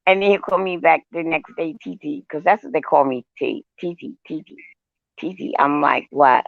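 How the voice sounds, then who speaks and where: A woman's voice: low voice, moderate pace, gravelly, dry recording. A woman co-hosting a casual chat show, telling brash stories with laughter. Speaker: show co-host. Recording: dull lo-fi sound.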